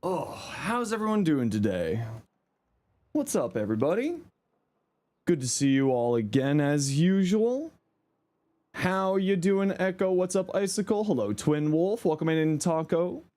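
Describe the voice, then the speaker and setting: A playful, sleepy-sounding man with a slightly hoarse voice, pitched a little high and swinging lively up and down as he chats. His laid-back live-stream banter greets viewers one by one. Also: unhurried. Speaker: game streamer. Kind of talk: casual live-stream chat.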